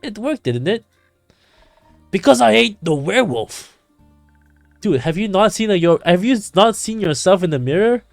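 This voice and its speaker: A man's voice: sits high, expressive, normal speed, gravelly, long pauses, no echo, soft background music, pitched above the performer's own voice. A man voicing a young woman who tells a werewolf story in a tavern, reading game dialogue aloud with some flair. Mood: animated.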